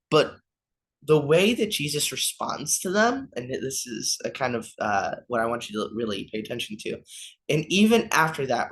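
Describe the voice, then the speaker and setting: A man's voice: mid-range voice, a bit bright. A young man, a youth minister, gives an informal devotional reflection, stumbling over names and apologizing as he goes.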